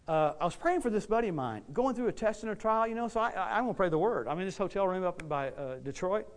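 A man preaching a sermon, telling stories in a folksy, animated way, often repeating words as he gets excited. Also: sits high, quick pace. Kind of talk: storytelling sermon.

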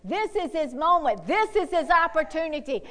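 A woman preacher with a high voice delivers a fervent sermon. She drops into hushed asides, then rises to loud, bold exhortation with whoops and hallelujahs. She keeps pressing her listeners to act. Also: big pitch swings, normal speed.

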